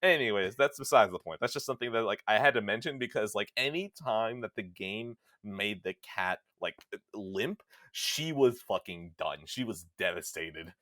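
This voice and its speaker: A young man co-hosting a podcast in casual chat, animated and swearing freely, acting out voices as he tells stories. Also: on the low side, normal speed, dry recording, clean studio sound. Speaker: podcast co-host.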